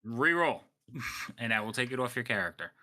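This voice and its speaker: A man acting as game master in an online tabletop game, explaining rules quickly and laughing often. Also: medium pitch, lively intonation, bright, forceful tone.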